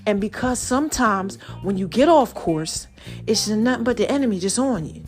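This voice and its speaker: A tired woman hosting a podcast from Brooklyn, giving an animated, preachy motivational talk in a slangy voice that speaks straight to the listener. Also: mid-range voice, moderate pace, faint music behind. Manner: animated and preachy, with slangy direct address and sung snatches. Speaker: podcast host.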